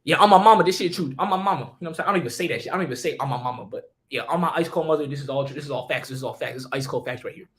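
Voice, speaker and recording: A young man on a stream tells a story at breakneck speed in a bright, sharp voice. His slang is profane, and he keeps repeating himself and restarting lines. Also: a little high, very fast, hardly any pauses, a little hiss or hum.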